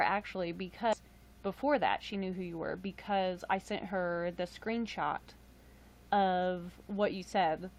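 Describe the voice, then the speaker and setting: A woman's voice: medium pitch, moderate pace, darkish tone. A young woman casually chatting on a livestream, rambling with lots of fillers and self-deprecating asides. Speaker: livestream host.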